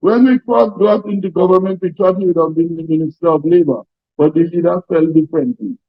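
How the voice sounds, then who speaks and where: An older Trinidadian man with a high-pitched voice addresses a union seminar, hammering points home through repetition and folksy stories. The sound is dull and lo-fi, and very dry. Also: brisk, no room sound. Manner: emphatic, repetitive, folksy storytelling. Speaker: trade union president. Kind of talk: seminar speech with anecdotes.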